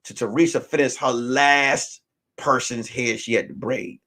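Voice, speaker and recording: A man from Brooklyn telling a funny story in street slang, swinging between shouting and hushed near-whispers. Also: medium pitch, steady tone, measured pace. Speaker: host. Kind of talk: comedic storytelling.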